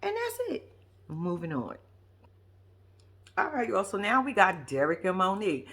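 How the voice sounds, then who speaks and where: Animated woman from New York, lively. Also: fairly low pitch, moderate pace, breathy edge. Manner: animated, profane, laughing, acts out the people she talks about. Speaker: reality TV recap vlogger. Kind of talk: casual reaction commentary.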